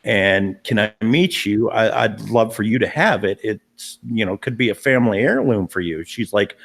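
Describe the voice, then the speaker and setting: A man's voice: on the low side, expressive, moderate pace, creaky, few pauses, a bit bright. Earnest man telling a paranormal story. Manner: earnest and emphatic, repeating himself and restarting sentences. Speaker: paranormal investigator. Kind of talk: casual storytelling on a live stream.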